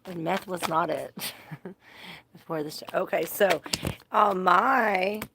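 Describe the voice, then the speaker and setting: Low gravelly-voiced woman tarot reader. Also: slow pace, noisy background. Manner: chatty, swears freely, laughs often. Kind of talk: casual live tarot reading.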